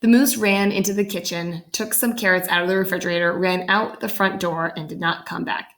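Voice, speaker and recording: A woman reading a children's picture book aloud in an animated way, jumping up in pitch for the characters. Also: fairly quick, reverberant. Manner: animated, voices the characters with big pitch jumps. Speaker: storyteller.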